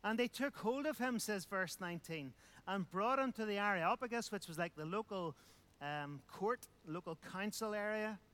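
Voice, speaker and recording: A man's voice: high-pitched, animated, moderate pace, a bit bright. A man preaching a sermon, emphatic, repeating phrases and asking rhetorical questions.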